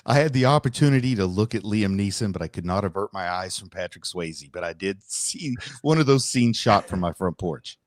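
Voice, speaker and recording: Wry middle-aged man with lively pitch. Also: brisk, hardly any pauses. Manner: wry, joking, does silly voices. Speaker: podcast co-host. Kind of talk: casual movie podcast chat.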